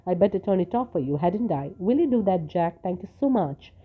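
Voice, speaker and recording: A woman reading a story, voicing a grieving young housewife who is sweetly polite and quietly calculating, with a soft, pleading manner. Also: lowish voice, expressive, a little fast, slightly rough. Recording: tinny phone-like sound.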